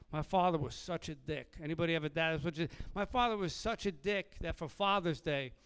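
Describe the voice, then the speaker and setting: Man, middle-aged, stand-up comedian, brash and profane, high-pitched, smooth resonant voice. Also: moderate pace, few pauses, fairly bright tone. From Philadelphia. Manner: brash, profane, acts out dialogue in other voices.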